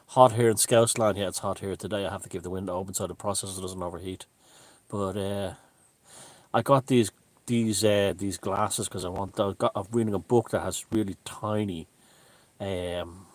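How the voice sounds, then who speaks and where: A man hosting a casual live stream from a room at home, greeting viewers and chatting in a relaxed way. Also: lowish voice, dry recording. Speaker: livestream host. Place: room at home with the window open.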